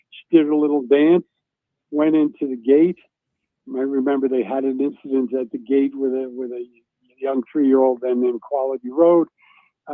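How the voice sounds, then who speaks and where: A man, a former racing reporter, telling a lively story as a guest on a talk show and acting out the shouts he remembers. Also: mid-range voice, no room sound. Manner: animated anecdotal storytelling, acts out shouts. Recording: dry tinny phone line.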